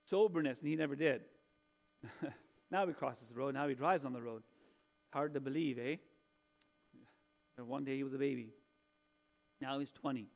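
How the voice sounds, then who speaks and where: A man's voice: mid-range voice, normal speed, vocal fry, pauses often. A man, preaching a sermon in an earnest, conversational way and weaving in personal stories. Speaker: pastor.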